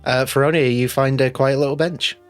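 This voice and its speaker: A man's voice: mid-range voice, steady tone, fairly quick, faint music behind. Chatty laughing game master man. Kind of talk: running a tabletop game.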